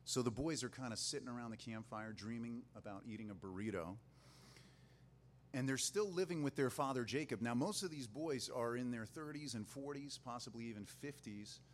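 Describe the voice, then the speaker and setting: A man's voice: medium pitch, normal speed, slight background noise. A man preaching a sermon in a casual, joking way, retelling a Bible story. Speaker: pastor.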